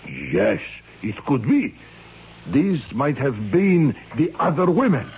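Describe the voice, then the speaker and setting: A man's voice: a little high, big pitch swings, slow, noisy background. An actor playing a broken, guilt-ridden husband who pleads and halts as he searches for words, in a 1970s radio drama. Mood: remembering. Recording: dull lo-fi 1970s radio recording.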